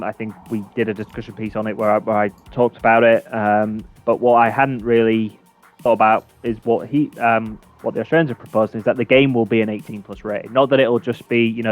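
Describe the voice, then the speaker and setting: A man co-hosting a games chat show, rambling with fillers and restarts and chuckling as he talks. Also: lowish voice. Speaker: co-host. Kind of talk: casual chat. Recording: dull lo-fi sound with faint music.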